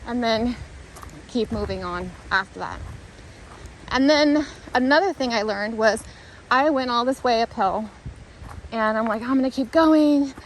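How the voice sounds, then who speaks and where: A woman's voice: fairly high pitch, unhurried, long pauses, slight background noise, poor audio. A woman talking to the camera while walking a hiking trail outdoors, thinking aloud in an earnest, rambling, reflective way. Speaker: vlogger.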